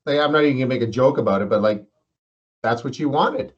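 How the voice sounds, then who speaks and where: A man's voice: medium pitch, quick pace, husky. A man hosting a casual interview, joking around and rambling through anecdotes. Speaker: interview host. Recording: dull lo-fi sound.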